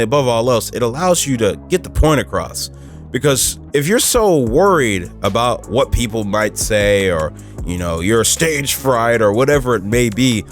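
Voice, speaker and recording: Casual emphatic man hosting a podcast. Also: mid-range voice. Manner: casual and emphatic, many fillers, rising for stress. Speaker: podcast host. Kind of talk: motivational podcast monologue.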